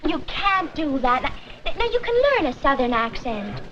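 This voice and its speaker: Young American, encouraging, high voice, dull hissy old TV audio. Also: female voice, sing-song, moderate pace. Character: eager young American exchange girl. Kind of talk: 1960s sitcom acting. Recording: dull old TV soundtrack with loud hiss.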